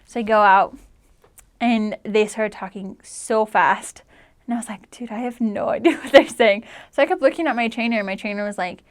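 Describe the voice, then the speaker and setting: A woman's voice: mid-range voice, normal speed. A woman in her twenties, a returned missionary telling her story in a chatty, emotional way and saying "like" often. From United States. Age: 20s. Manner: chatty, leans heavily on "like", emotional at times. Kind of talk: casual personal storytelling.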